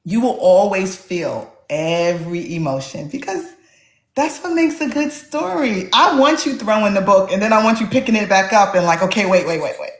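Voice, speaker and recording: Animated woman author in a roomy echo. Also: medium pitch, moderate pace. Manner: animated storyteller, acts out quotes. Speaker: author guest. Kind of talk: casual interview chat.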